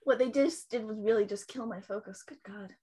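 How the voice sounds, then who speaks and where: A woman's voice: medium pitch, brisk, dark tone, a little hiss or hum. A woman playing in a tabletop game, casual, playful and giggly, teasing the others as she takes her turn. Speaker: player.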